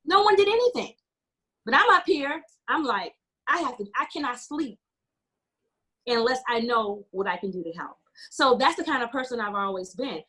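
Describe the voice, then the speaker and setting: Her voice is on the high side, husky, pushed and bright, expressive and at a moderate pace. She's an American community organizer on a panel, passionately telling stories and quoting what people said.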